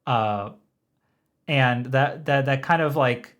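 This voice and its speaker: A man hosting a podcast in casual discussion, measured and thoughtful with some fillers. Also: mid-range voice, fairly bright tone. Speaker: podcast host.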